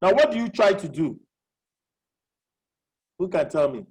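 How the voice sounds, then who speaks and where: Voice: mid-range voice, big pitch swings, measured pace, pauses often, darkish tone, slightly rough, rough recording. A presenter giving a live online lecture as facilitator, repeating key questions and checking that listeners follow. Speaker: webinar facilitator. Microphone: video call.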